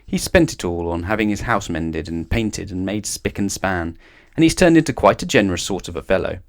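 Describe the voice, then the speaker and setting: A man with a fairly low voice reads a children's bedtime story aloud. He tells it in a lively, expressive way, shifting his voice as the story goes. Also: brisk. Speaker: storybook reader.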